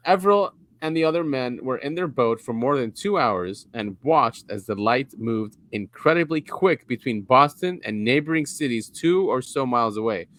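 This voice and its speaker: A man from the United States co-hosting a casual podcast. He rambles and reads bits of articles aloud. His pitch sits mid-range, and the sound is dry and close with no room echo. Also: a bit bright. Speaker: podcast co-host. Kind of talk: casual chat.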